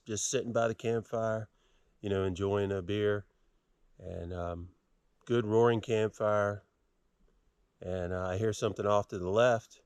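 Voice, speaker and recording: A middle-aged man vlogging outdoors at a mountain campsite, telling a story in a relaxed, rambling way with lots of fillers and restarts. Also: on the low side, smooth, no echo. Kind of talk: casual storytelling to camera.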